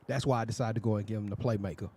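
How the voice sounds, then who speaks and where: A man from Texas co-hosting a sports talk show, hyping up local athletes in a casual, energetic way. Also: on the low side, rapid-fire, breathy edge. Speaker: sports podcast co-host. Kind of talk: casual chat.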